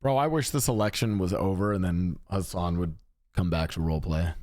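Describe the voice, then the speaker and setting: A man with a lower voice chatting casually on a podcast. He is laid-back and calls the others "bro". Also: brisk, a little mellow, dry recording, clean studio sound. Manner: casual, says "bro" a lot. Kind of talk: casual chat.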